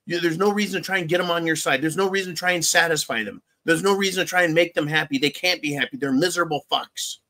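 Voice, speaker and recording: A man rants through his own commentary show with a slightly high voice. He swears constantly, circles back over the same points and throws in sarcastic jabs. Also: fast talker, few pauses, bright, forceful tone. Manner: angry, heavily profane, repetitive; sarcastic asides. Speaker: channel host. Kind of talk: ranting political commentary.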